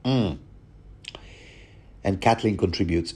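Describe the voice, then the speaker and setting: A man with a fairly low, mellow voice hosts a loose book commentary. He rambles in a jokey way and throws in casual asides to the listener. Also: expressive, measured pace. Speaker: podcast host.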